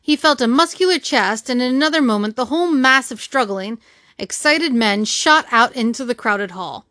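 A woman narrating a classic novel as an audiobook reader, steady and measured, close to the mic. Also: fairly high pitch, dry recording. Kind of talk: storybook narration.

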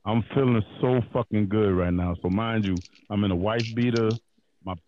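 A man's voice: fairly low pitch, normal speed, warm tone, lo-fi sound, slight background noise. A man casually telling a long, profane, slang-filled story on a podcast.

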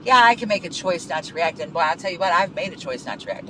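A man's voice: fairly high pitch, sing-song, fast talker, noisy background. A man hosting a podcast, venting in a heated, profane monologue from his car and repeating himself as he goes. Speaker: podcast host.

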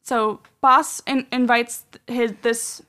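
A woman's voice: a little high, steady tone, slow pace, bright, forceful tone, clean tone. Chatty woman host, lots of ums. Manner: rambling, filler-heavy with many "um" and "like". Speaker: podcast host. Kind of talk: casual storytelling chat.

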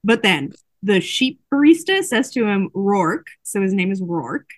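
A woman retells a book in an animated, casual way, slipping into the characters' lines as she goes. Her voice sits in a middle range. The sound is close and dry, with no room around it. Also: medium pitch, measured pace, dry recording. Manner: animated storytelling, acting out quotes. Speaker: podcast host recapping a book. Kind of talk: casual chat.

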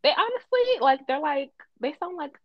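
A woman from Minnesota hosts a casual podcast. Her pitch swings widely as she talks, and she scatters "like" through nearly every sentence. The sound is dry and a little dull, as if from a lo-fi microphone. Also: moderate pace, no room sound. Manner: animated, many "like" fillers. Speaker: podcast host.

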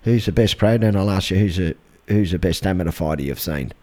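A man's voice: low voice, lively intonation, brisk, warm tone. A man hosting a casual interview, asking friendly, blokey questions and keeping up a stream of short encouraging replies. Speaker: interview host.

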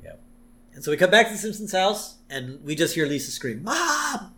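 A man's voice: a little high, animated, a little fast, fairly bright tone. Guy on a podcast going over a cartoon episode, laid back, does little bits of the lines. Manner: retells scenes, acting out lines. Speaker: podcast co-host. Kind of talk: casual episode recap chat.

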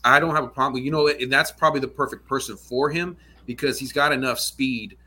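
A man's voice: mid-range voice, a little fast, pushed and bright, slightly rough. A man talking football in a loose, rambling way, often asking "you know what I'm saying" as he goes. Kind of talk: casual sports chat.

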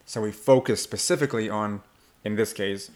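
A man's voice: on the low side, normal speed, a little mellow. A man working as an English accent coach, explaining and demonstrating pronunciation in a casual podcast conversation.

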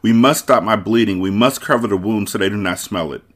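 A man's voice: fairly low pitch, brisk, fairly bright tone. A man voicing a brave young hero in a storybook reading, speaking in an earnest, urgent way. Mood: strained.

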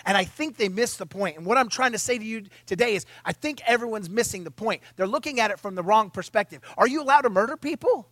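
Man, pastor, high voice, chatty sermon podcast, wry asides, dry close sound. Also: animated, quick pace, hardly any pauses, fairly bright tone, dry recording.

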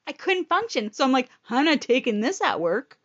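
A woman's voice: sits high, dull audio. A woman casually telling a personal story, frank and rambling, swearing freely. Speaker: storyteller sharing personal illness experience.

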